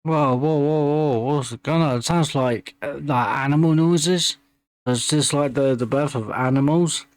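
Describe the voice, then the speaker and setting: A man's voice: a little high, measured pace, dry recording. A man hosting a music reaction video, talking casually with many restarts and fillers, openly enthusiastic.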